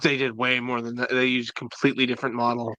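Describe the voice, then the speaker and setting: A man's voice: mid-range voice, flat delivery, fast talker, pushed and bright, dry recording, rough recording. A man, guest in a casual review chat, chiming in with brief, hesitant remarks.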